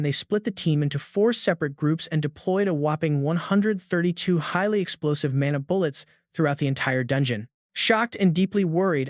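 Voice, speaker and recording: A man narrating a comic recap in a dramatic, even-paced storytelling manner. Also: fairly high pitch, no room sound, studio quality.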